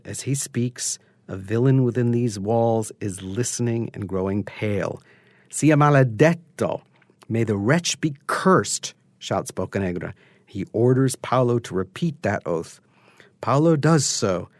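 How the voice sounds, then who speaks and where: A man narrating a scripted opera lecture, explaining in a measured, articulate way. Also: fairly low pitch, a little mellow, dry recording.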